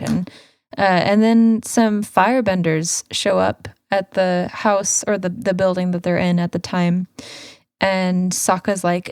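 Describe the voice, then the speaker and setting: Speaking slowly in a fairly low, clear and resonant voice, a woman co-hosts a podcast and recaps a cartoon episode in relaxed chat. She animates the story by acting out the characters' lines, recorded dry in clean studio sound.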